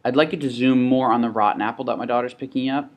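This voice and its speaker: A man with a young child, teaching a software tutorial in a casual, think-aloud way, with restarts and asides. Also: medium pitch, steady tone, fast talker, dull audio. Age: adult with a child. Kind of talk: screen-recorded tutorial.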